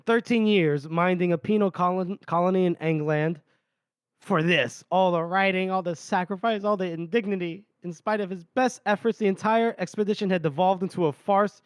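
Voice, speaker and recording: A podcast host with a high, clear, resonant voice at normal speed gives a casual recap of a fantasy novel chapter, reading passages aloud. He laughs often as he retells it and lightly voices the characters, on a dry recording.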